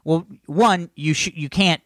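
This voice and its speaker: A man's voice: fairly high pitch, measured pace, no echo. Man, hungover, rambling, swearing, casual chat, dry close mic. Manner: rambling, laughing, swears freely. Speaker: podcast co-host.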